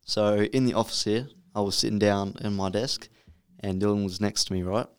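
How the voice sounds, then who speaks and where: A man in casual podcast chat, telling a story haltingly and repeating his words. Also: fairly low pitch, steady tone, smooth. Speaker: podcast co-host.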